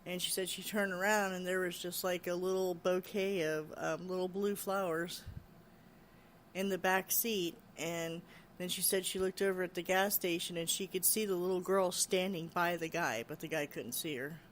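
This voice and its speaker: Telling a spooky story loosely at normal speed, a podcast host uses fillers like "you know" and "she's like," voicing the people involved and growing louder and livelier when quoting them. Faint background hum sits behind a middling-pitched voice.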